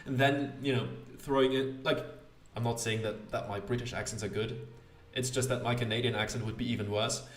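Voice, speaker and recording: A man's voice: mid-range voice, steady tone, fairly quick, echoey room. A man hosting a let's play, chatting casually and rambling in a self-deprecating way. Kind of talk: casual gameplay commentary.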